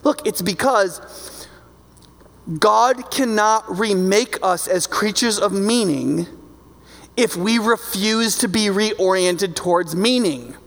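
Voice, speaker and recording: A male preacher with a high, gravelly voice delivers a sermon in a conversational, emphatic way. He keeps checking in with his listeners as he talks. His voice rings out with a long hall reverb. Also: slow pace, a bit bright.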